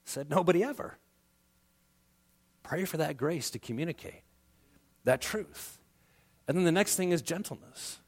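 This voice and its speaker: Lively, animated male pastor preaching. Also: a little high, unhurried, pauses often, breathy edge. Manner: conversational preaching with acted-out quoted voices. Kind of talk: sermon.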